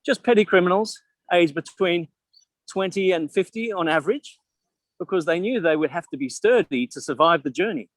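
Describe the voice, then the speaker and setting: A man's voice: sits high, animated, moderate pace, dry recording. A man with an Australian accent guiding a live virtual tour, joking and asking his audience questions. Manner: chatty, jokey, asks the audience questions.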